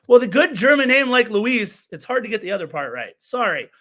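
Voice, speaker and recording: A fairly high-pitched man hosting a soccer podcast, talking through a match recap with eager energy. He breaks off to correct himself and answer live chat. His delivery is casual and animated. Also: brisk. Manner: enthusiastic, self-correcting, chatty asides to chat and co-hosts. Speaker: podcast host.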